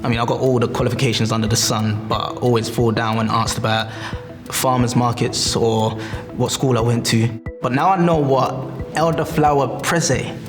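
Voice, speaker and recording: A man's voice: mid-range voice, steady tone, moderate pace. Man, sketch comedy, earnest testimonial, music underneath. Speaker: course testimonial.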